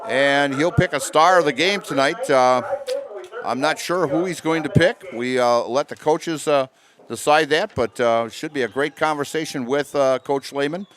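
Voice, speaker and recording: A man calling a high school football game and signing off in a relaxed, rambling way with many fillers. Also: moderate pace. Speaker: play-by-play announcer. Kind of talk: sports commentary and sign-off.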